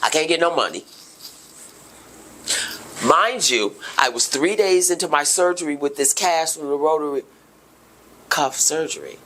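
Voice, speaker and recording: A middle-aged woman, telling her own story on a podcast in an emotional, impassioned way, dropping to a hush and then rising loud. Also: deep voice, animated, unhurried, pauses often, a little hiss or hum. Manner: emotional, impassioned, swings between hushed and loud. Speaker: podcast host. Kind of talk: personal testimony.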